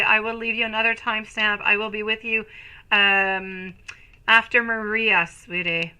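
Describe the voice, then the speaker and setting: A woman in her thirties doing a live tarot reading, soft and soothing, calling viewers sweetie and turning bubbly when she greets the chat. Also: medium pitch, level tone, a little slow, clean tone, rough recording. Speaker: tarot reader.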